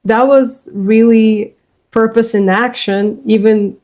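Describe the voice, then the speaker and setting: A woman's voice: on the high side, fairly even intonation, slow pace, darkish tone. A woman podcast host responding to her guest with effusive appreciation. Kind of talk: interview conversation.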